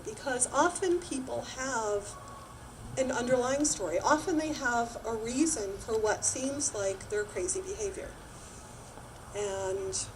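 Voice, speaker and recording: Earnest woman closing her story. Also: on the high side. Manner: earnest, reflective. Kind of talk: personal storytelling on stage. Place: community storytelling night before an audience. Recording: audible background hiss.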